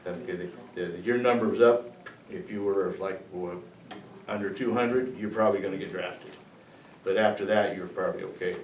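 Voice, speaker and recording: A male veteran in his sixties tells stories to students in a lowish voice, rambling, chuckling, and halting with fillers. The room is echoey, the mic sits far away, and there's faint noise.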